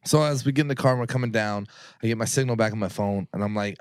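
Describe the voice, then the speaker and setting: On a podcast, a man tells a personal story casually and ramblingly, swearing freely and acting out what other people said. His voice is lowish and his delivery rapid-fire, and the recording is dry.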